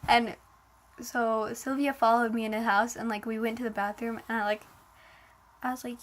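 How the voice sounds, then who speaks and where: A woman's voice: fairly high pitch, flat delivery, normal speed. Chatty woman telling a dramatic story. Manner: filler-heavy, dramatic, emotional retelling. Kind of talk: casual personal storytelling.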